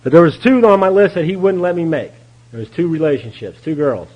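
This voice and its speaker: A man's voice: fairly high pitch, lively intonation, brisk, darkish tone, muffled recording. Folksy man telling his story. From Texas. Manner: folksy, candid storytelling with laughs. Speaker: AA meeting speaker. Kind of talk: recovery talk at a meeting. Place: meeting room.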